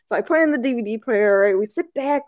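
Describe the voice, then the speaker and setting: Chatty woman guest, high-ish voice, dry room sound; rambling anecdote with fillers and laughter. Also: expressive, fast talker, a little mellow, dry recording. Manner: rambling, filler-heavy, laughs often, acts out quotes. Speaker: storyteller on a chat show. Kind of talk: casual storytelling chat.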